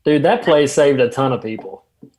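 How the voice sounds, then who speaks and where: A man's voice: medium pitch, animated, a little fast, a little mellow. A man co-hosting a church podcast, teasing playfully and laughing often. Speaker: podcast co-host. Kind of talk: casual chat.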